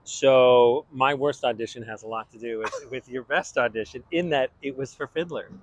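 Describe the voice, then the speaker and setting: A man being interviewed as a guest, telling lively anecdotes and acting out other people. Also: mid-range voice, normal speed, no echo, rough recording. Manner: animated, acts out voices in anecdotes. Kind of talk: casual chat.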